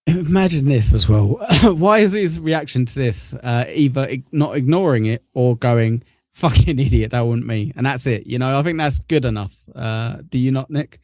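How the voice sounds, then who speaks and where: A man's voice: mid-range voice, moderate pace, few pauses, a little mellow, dry recording. Man, casual podcast co-host, teasing, laughs a lot, dry close mic. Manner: laughs often, teasing and banter-heavy. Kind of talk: casual podcast chat reacting to clips.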